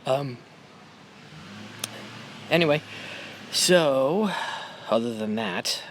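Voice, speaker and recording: A man's voice: lowish voice, slight background noise. A man in his thirties, a homebrewing vlogger and dad, chatting casually in a loose, rambling, slightly tipsy way.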